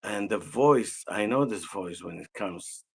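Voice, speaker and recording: A man with an Arabic accent, an energy healer telling a personal story in conversation, slow and halting with frequent restarts. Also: on the low side, expressive, vocal fry, breathy edge, poor audio.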